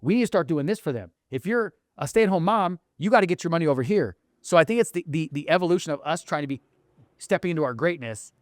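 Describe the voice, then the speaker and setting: A man co-hosting a podcast in casual chat, hyped and emphatic, sometimes bursting into shouting. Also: fairly high pitch, lively intonation, quick pace, dry recording, studio quality. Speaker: podcast co-host.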